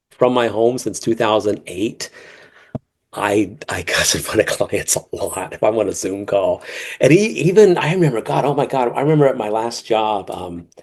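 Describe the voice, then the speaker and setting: A man's voice: medium pitch, a little mellow, slightly rough. A man guesting on a podcast, talking casually with many restarts and frequent laughter, joking and swearing freely. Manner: profane and joking. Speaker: guest author.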